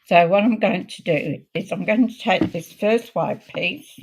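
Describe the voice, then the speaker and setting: A woman hosting a card-making video, chatting in a homely way while she works, her voice a little croaky. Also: on the low side. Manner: chatty, homely, unhurried, talks while working. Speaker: craft video host. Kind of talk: casual crafting demo chat.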